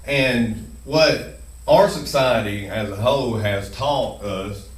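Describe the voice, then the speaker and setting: Speaking slowly in a medium-pitched voice, a channel host chews gum through a jittery first-video monologue packed with fillers and restarts. The rough recording is roomy and picked up from a distance.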